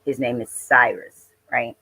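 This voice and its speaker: A woman's voice: a bass voice, fairly even intonation, a little slow, gravelly, pushed and bright, slightly rough, no room sound. A woman hosting a casual reaction commentary, chatty and talking straight to her viewers. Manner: chatty, addresses viewers as y'all and honey. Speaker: host reacting to a clip.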